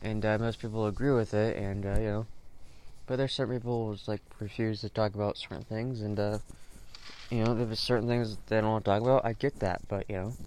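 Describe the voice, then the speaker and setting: A man's voice: lowish voice, fairly even intonation, a little fast, a little mellow, slight background noise. A man hosting a podcast, rambling through a solo monologue full of fillers and swearing, with sudden bursts of frustration. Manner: rambling, heavy fillers, profane, flares up in bursts. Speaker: podcast host.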